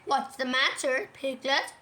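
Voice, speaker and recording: A woman voicing a calm, kindly young boy who speaks matter-of-factly in a storybook. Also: high-pitched, a little slow.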